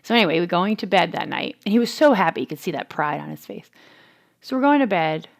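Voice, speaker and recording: Chatty woman with a gravelly edge. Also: on the low side, expressive, fast. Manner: rambling, warm storytelling with laughs and restarts. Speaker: podcast host. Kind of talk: casual solo chat.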